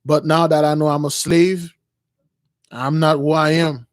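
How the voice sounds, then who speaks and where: A man voicing a grieving, solemn young man who speaks quietly in heavy, old-fashioned phrases. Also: on the high side, flat delivery, a little slow, dry recording, studio quality, lightly acted. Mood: tearful. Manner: quiet, heavy, archaic speech.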